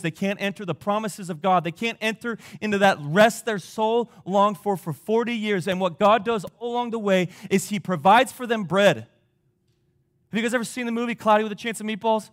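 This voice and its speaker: A high-pitched male pastor preaching a sermon. He speaks with emphasis, throws rhetorical questions at the listeners, and swings between loud and quiet passages.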